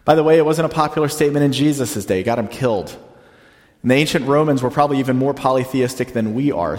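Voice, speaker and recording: Guy pastor giving a sermon, talks like a chat but slows way down on the big lines, long hall echo. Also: mid-range voice, darkish tone. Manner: conversational preaching, slows down to stress quotes.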